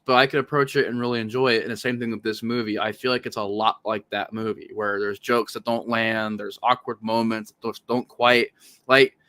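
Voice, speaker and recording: A man in a loose podcast conversation, with a voice of ordinary middle pitch. He rambles with lots of "like"s and restarts, sounding exasperated. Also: sharp tone. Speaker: podcast co-host. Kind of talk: casual podcast chat.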